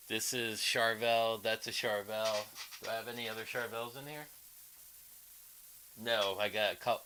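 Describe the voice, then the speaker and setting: A man's voice: mid-range voice, bright, forceful tone, poor audio. A man guitarist chatting casually on a live stream, rambling, greeting viewers and showing licks. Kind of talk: casual livestream chat.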